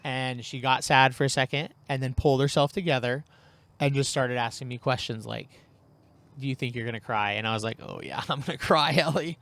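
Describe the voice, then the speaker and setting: A man co-hosting a podcast, telling a story in a relaxed, chatty way and acting out the lines he quotes. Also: medium pitch, a little fast. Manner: animated, acts out quoted lines. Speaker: podcast co-host. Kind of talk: casual storytelling chat.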